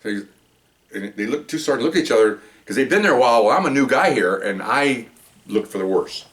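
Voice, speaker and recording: An older man, a retired police officer, telling work stories in a rambling, digressive way, getting animated when he quotes people. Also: mid-range voice, brisk, recorded from a distance. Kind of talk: casual storytelling monologue.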